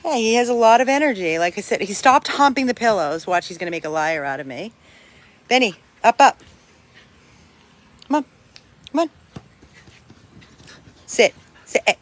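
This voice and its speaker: An older dog rescuer chatting at home while playing with a puppy, breaking into high coaxing calls to the dog. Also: expressive, normal speed, pauses often. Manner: talks to the dog in high coaxing calls between plain remarks. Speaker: dog rescuer showing a dog for adoption. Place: home with a dog, in hot weather.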